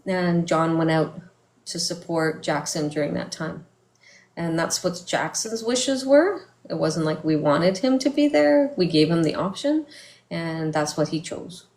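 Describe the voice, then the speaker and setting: A middle-aged woman telling a personal story in a vlog, speaking softly and haltingly, with many fillers and restarts. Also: low-pitched, animated. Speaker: vlogger. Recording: echoey room.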